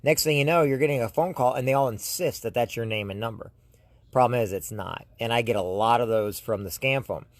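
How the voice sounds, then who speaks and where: An American YouTube host talks straight to his viewers in a rambling, casual monologue on his own channel, often restarting his sentences. His voice is mid-range and fairly quick, with no room sound.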